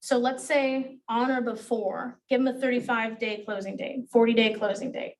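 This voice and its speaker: A woman's voice: fairly high pitch, fairly even intonation, moderate pace. Blunt, swearing woman trainer, miked from afar. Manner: blunt, swears freely, acts out dialogue. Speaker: real estate negotiation trainer. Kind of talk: classroom talk to agents. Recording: voice from a distance.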